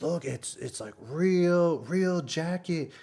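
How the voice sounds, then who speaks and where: A man imitating an excitable male restaurant cook who talks in broken English and sings. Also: on the high side, slow pace, voice pushed up. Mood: eager. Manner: broken English, sing-song exclamations.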